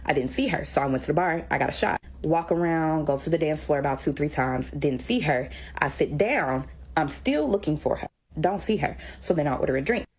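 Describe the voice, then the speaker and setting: A woman recounting a personal story at a rapid, chatty clip and voicing each line of dialogue. Her voice is low and husky. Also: low-quality recording.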